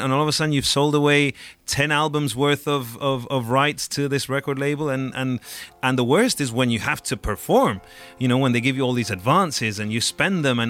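A man's voice: medium pitch, a little fast, a bit bright. A man co-hosting a radio music show, talking casually in a rambling way with many fillers. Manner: rambling, filler-heavy talk. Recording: faint music behind.

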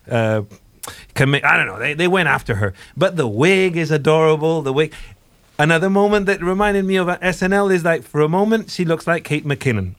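A man's voice: fairly high pitch, animated, a little fast, a bit bright, no room sound. A young man presenting on the radio in casual chat, rambling and cutting himself off often, with frequent laughs. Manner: chatty, rambling, self-interrupting, laughs often. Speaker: radio presenter reviewing a series.

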